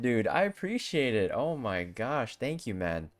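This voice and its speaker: A man streaming a game, reacting in an excitable, chatty way and greeting and thanking his chat. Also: mid-range voice, a little slow, hardly any pauses. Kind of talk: casual live-stream reaction.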